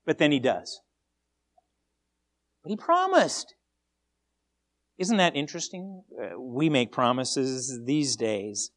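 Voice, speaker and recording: Lively, emphatic male pastor. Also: mid-range voice, unhurried, hardly any pauses. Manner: animated, emphatic, repeats words when starting sentences. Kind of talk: sermon.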